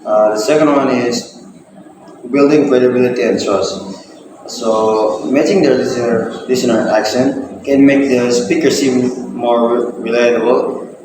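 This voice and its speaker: A man's voice: medium pitch, steady tone, a little slow. A young man giving a class presentation, reading out points with frequent hesitations. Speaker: student presenter. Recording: echoey room with background noise.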